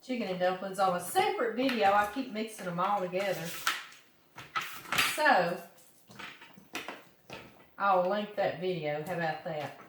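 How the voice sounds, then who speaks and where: A woman's voice: medium pitch, measured pace, long pauses. A woman from Louisiana with a Southern accent, chatting folksily to her viewers as she cooks in her home kitchen. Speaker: home cooking vlogger. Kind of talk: casual kitchen chat. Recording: roomy kitchen, mic at a distance, noisy.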